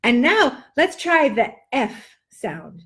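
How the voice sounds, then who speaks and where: A woman's voice: sits high, big pitch swings, takes it slowly, fairly bright tone. Playful woman teaching pronunciation. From Netherlands-based. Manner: playful, joking, exaggerated drills. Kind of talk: live online lesson. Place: home, indoors.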